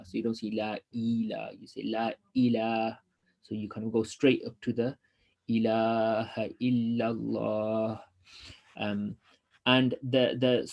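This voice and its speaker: Teaching online, a man reads quickly from a religious text and follows up with hesitant, loosely organized explanations full of ums. The voice sits at a medium pitch and carries a slight mellowness.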